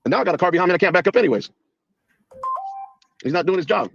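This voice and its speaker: A man's voice: high voice, animated, racing, gravelly, fairly bright tone, no echo, dull audio. A man filming a confrontation at a gate, talking in a taunting, mocking way. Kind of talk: confrontational phone-video recording.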